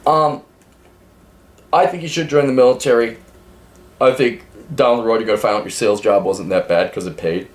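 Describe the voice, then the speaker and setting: A man's voice: mid-range voice, moderate pace, pauses often. A man hosting a podcast, giving blunt, rambling, profane advice with frequent laughs.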